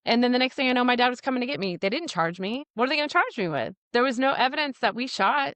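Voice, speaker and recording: A woman's voice: fairly high pitch, quick pace, no echo. A woman guesting on a podcast, telling a hard story from her past bluntly, with plenty of swearing and quoted dialogue. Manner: blunt, profane, animated retelling with quoted dialogue. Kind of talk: candid interview storytelling.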